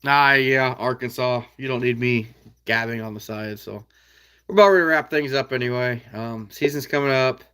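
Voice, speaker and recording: A man's voice: medium pitch, normal speed, pushed and bright, clear, resonant tone. A man with an American Midwest accent hosting a casual livestream, reading out viewer comments in an easygoing, folksy way with frequent chuckles. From Iowa.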